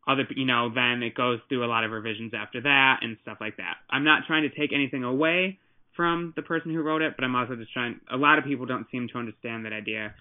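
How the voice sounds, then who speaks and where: A man's voice: mid-range voice, quick pace. A man co-hosting a casual podcast chat, explaining at length with many restarts. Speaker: podcast co-host. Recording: tinny phone-like line.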